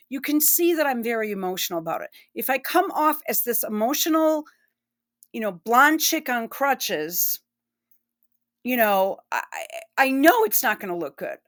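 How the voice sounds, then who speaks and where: A woman's voice: a little high, sing-song, normal speed, fairly bright tone. A woman giving blunt, profane and emotional commentary while reacting to news clips. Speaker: online commentator.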